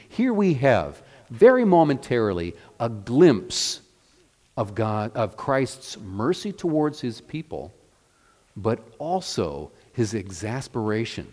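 A man's voice: on the low side, darkish tone. A man preaching a sermon as pastor, earnest and emphatic, building and easing his intensity. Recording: long reverb of a church hall.

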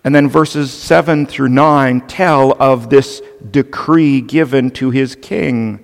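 A man's voice: fairly high pitch, slow pace, few pauses. A male pastor preaching a sermon earnestly and with animation, turning to the children with playful asides. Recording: long reverb of a large hall.

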